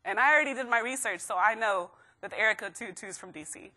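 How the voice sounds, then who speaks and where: A woman in her thirties speaks to a room of students, her voice bright and a little high. She tells lively stories from her own life and acts out the voices in them. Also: quick pace. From Texas, USA. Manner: lively storytelling with acted quotes and laughs. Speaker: motivational speaker. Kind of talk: motivational talk to students. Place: stage before a live student audience.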